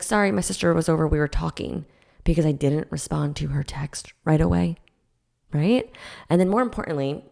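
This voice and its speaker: A woman's voice: low voice, vocal fry, a little mellow. A woman hosting her own podcast as a life coach, talking in an earnest, reflective, casual way with frequent restarts. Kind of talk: casual solo podcast talk.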